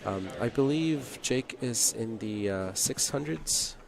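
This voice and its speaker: A man's voice: medium pitch, expressive, takes it slowly, creaky, a crowd in the background. A man giving casual live-stream commentary on a pool match, easygoing and laughing along with his co-hosts.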